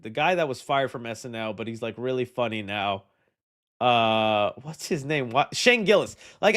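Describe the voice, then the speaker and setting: A man's voice: mid-range voice, fairly bright tone. A man hosting a live movie news stream, chatting loosely with his viewers, joking, trailing off and restarting his thoughts. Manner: rambling, joking, reads and answers chat, hesitant restarts. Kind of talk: casual live-stream chat.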